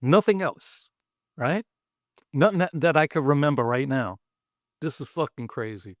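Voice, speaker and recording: A middle-aged man from Brooklyn, guest on a podcast, telling an animated, profane anecdote. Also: medium pitch, normal speed, no room sound, clean studio sound. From Brooklyn, New York. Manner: animated, profane storyteller acting out quotes. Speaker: guest, special effects artist. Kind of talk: storytelling anecdote in a podcast interview.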